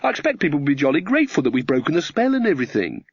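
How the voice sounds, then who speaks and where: An earnest young witch woman, hesitant and soft-hearted, with a raised gentle voice, as a man puts her on. She sounds a little plaintive. The sound is dull and dry. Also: a little high, big pitch swings, very fast, husky, dry recording, full character voice. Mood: persistent.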